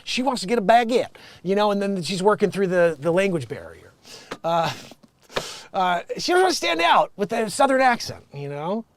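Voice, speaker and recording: A man's voice: sits high, big pitch swings, moderate pace, slight background noise. An American man hosting a show, reading news headlines and riffing on them sarcastically, swearing and laughing often. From United States. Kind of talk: improvised comedic news commentary.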